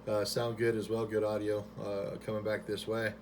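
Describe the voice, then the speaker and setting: A man chatting on ham radio from his home station into a boom mic, relaxed and friendly with lots of fillers. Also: normal speed, a little hiss or hum. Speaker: amateur radio operator. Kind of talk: ham radio contact chat.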